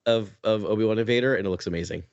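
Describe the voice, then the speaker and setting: A man co-hosting a fan podcast in casual chat, rambling and excitable, restarting his sentences often. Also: on the low side, rapid-fire, no room sound, dull audio. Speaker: podcast co-host.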